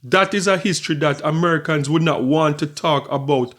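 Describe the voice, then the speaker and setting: A man's voice: a little high, fairly quick, a bit bright. A man hosting his own channel, talking through his thoughts in casual commentary and often repeating and restarting phrases. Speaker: channel host.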